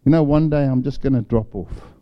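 A man's voice: medium pitch, brisk, dull audio. An older man preaching a sermon, telling a personal story and acting out the voices in it. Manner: storytelling, acts out voices in his anecdotes. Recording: long hall reverb.

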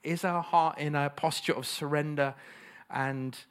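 Guy preaching a sermon, kinda high voice, punchy and emphatic, keeps asking the room questions. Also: fairly even intonation, measured pace, fairly bright tone, clean tone. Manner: emphatic, asks the congregation rhetorical questions.

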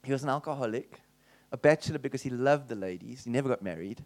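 Telling his testimony as a preacher, this South African man talks at a quick pace in a mid-range voice. His delivery swings lively and keeps breaking into restarts and asides.

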